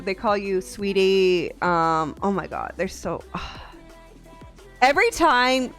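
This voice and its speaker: A young woman streamer chatting casually on a live stream, animated and quick to laugh, swearing freely. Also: medium pitch. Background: faint music.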